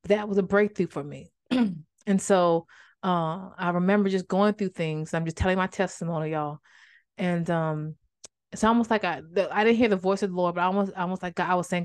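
Woman podcast host, lower-pitched voice, casual devotional teaching, dry close sound, heartfelt and conversational. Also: steady tone, a little fast, dry recording. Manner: conversational, addresses listeners as y'all; emotional, fighting back tears of joy. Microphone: microphone with a faulty cord.

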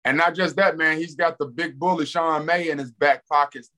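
Animated man talking sports. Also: a little high, moderate pace. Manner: animated, emphatic, repeats catchphrases. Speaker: podcast co-host. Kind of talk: casual sports chat.

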